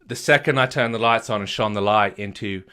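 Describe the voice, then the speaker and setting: A man's voice: fairly low pitch, fairly quick, bright, forceful tone, clear, resonant tone. A middle-aged man, a marriage coach, telling his own story earnestly, repeating phrases and restarting often. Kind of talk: personal story told to an audience.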